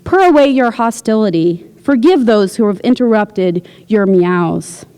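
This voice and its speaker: A woman's voice: mid-range voice, expressive, unhurried, warm tone, smooth, long reverb tail, natural voice. A woman reading aloud as a bossy female workshop leader who preaches and commands. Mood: commanding.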